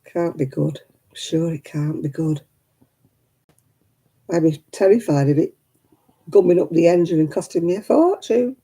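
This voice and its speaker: A woman's voice: lowish voice, expressive, a little slow, creaky, long pauses, dark tone, slightly rough. A tired woman, hosting a casual livestream and chatting with her viewers by name. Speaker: livestream host.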